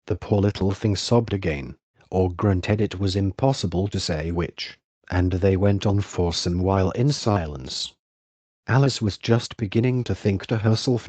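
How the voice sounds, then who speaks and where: A man's synthetic text-to-speech voice narrating an audiobook in an even, measured reading. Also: sits low, no room sound. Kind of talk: scripted narration.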